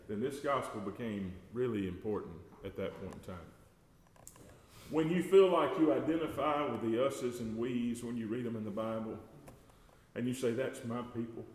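A man preaching a sermon, folksy and talking to the congregation as y'all, growing loud and slow whenever he quotes scripture. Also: medium pitch, slight background noise. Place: church sanctuary. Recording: echoey church hall with long reverb.

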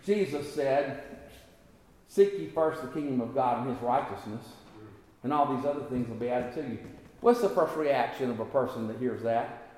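Impassioned preacher in an echoey hall. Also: male voice, moderate pace, a little mellow. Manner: conversational preaching that climbs to high impassioned peaks. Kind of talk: sermon.

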